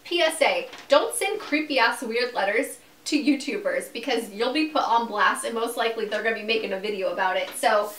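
A young woman chats through a giggly storytime vlog at home, her fairly high voice full of fillers and laughter. The room is echoey and she sits a little back from the mic. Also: brisk, fairly bright tone, far from the mic. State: recovering from surgery. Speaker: YouTuber.

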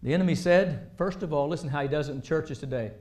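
A man preaching a sermon, animated, swinging between loud emphasis and quiet asides. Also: fairly high pitch, fast talker, roomy sound.

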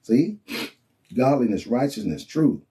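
A man's voice: medium pitch, a little slow. A man preaching and teaching from the Bible in an informal, colloquial way, often checking in with his listeners. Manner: animated and colloquial, with frequent "you know what I'm saying" and "okay?".

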